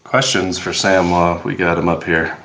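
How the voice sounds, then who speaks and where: A man's voice: low-pitched, level tone, moderate pace, a bit bright. A man co-presenting at a tech event and opening the floor to questions, talking in a rambling, hesitant, self-deprecating way. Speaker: co-presenter and moderator. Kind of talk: casual conference talk. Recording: roomy echo.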